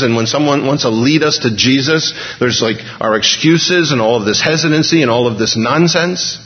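A male preacher giving a sermon, dramatic, swinging between hushed and emphatic delivery. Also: mid-range voice, moderate pace, hardly any pauses. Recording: dull recording, long hall reverb.

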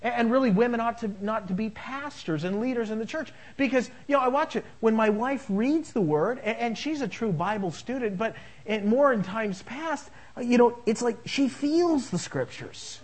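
With a very high-pitched, expressive voice, a middle-aged pastor preaches at a normal pace, barely pausing, on poor-quality audio. He fills the sermon with jokey family anecdotes, acting out the dialogue from both sides.

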